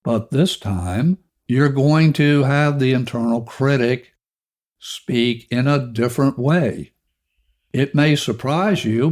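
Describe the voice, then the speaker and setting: Middle-aged male podcast host, unhurried and calm, steps the listener through an exercise. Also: medium pitch. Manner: slow, calm, instructive, speaking directly to the listener. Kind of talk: guided self-help exercise.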